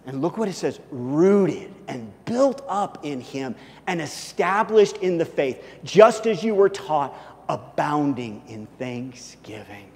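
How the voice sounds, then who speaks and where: A man preaching a sermon as pastor, acting out little scenes and swinging from loud, lively bursts to quiet, hushed asides. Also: on the high side, long reverb tail, a little hiss or hum. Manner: animated, acts out scenes with big swings in loudness.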